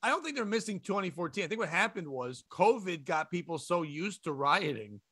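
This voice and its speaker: A podcast co-host in a casual comedy chat spins stories and plays the characters himself, animatedly imitating customers who shout. He's a man with a high-pitched, brisk voice, and there's no room sound.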